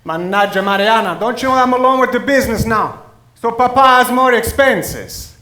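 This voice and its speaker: A man's voice: high-pitched, very animated, unhurried, a bit bright, reverberant, heavily acted. A man playing a teasing, stubborn Italian immigrant father with an Italian accent, in stage play acting. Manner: teasing, exclaiming with Italian phrases.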